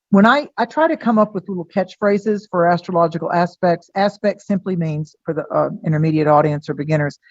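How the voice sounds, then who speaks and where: A woman astrologer, a guest on a podcast, talking in a chatty way and acting out bits of dialogue in lively voices. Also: fairly low pitch, no room sound, highs cut off. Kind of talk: podcast interview.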